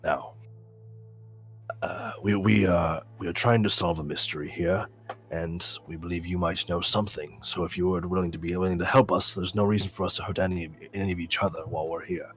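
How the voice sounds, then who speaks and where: A man voicing a calm winged male adventurer who speaks low, soft and politely. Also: fairly quick, lo-fi sound. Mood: calm reassuring.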